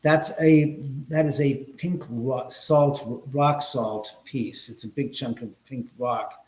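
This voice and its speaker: A man chats loosely with his livestream viewers, rambling and trading crude jokes. His voice sits at an ordinary middle pitch. He talks in an echoey room in a house. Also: fairly even intonation, slow, a little mellow. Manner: rambling, joking, crude banter. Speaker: livestream host. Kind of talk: casual livestream chat with viewers.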